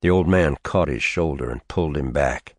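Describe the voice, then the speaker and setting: A man reading an audiobook in a steady, measured narration. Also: very deep voice, slightly rough, no room sound. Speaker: audiobook reader. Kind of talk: scripted narration.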